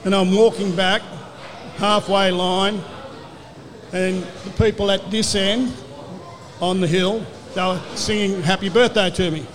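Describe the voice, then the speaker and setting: A man's voice: sits high, steady tone, unhurried, in a large hall. An older man with an Australian accent, a former rugby league player telling rambling anecdotes as a guest and acting out the back-and-forth of old conversations. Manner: rambling storyteller who acts out quoted exchanges.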